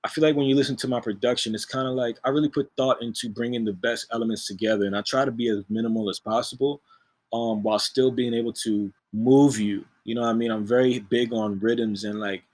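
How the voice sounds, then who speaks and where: A man, a music producer, talking in a relaxed, slangy way as an interview guest, laughing often. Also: medium pitch, fast talker. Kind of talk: casual interview chat.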